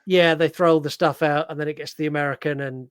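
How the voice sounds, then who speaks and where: A man's voice: a little high, fast, clean tone. London man retelling a film with gusto. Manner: animated storyteller, acts out quotes, swears casually. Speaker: podcast co-host. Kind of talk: casual film review chat.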